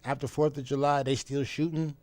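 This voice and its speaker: A man talking bluntly and profanely in a casual vlog monologue. He repeats phrases for emphasis and swings between loud outbursts and low mutters. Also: flat delivery, a little fast, no room sound. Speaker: vlogger.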